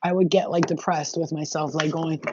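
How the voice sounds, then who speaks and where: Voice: mid-range voice, level tone, brisk, very noisy. Blunt, profane tarot reader, dull lo-fi sound. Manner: chatty, addresses viewers directly. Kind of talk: casual spiritual advice talk.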